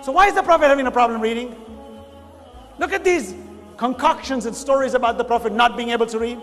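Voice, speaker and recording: A man giving an animated sermon to a congregation, rising to emphatic shouts. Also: extremely high pitch, fast, in a large hall, faint music behind. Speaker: preacher.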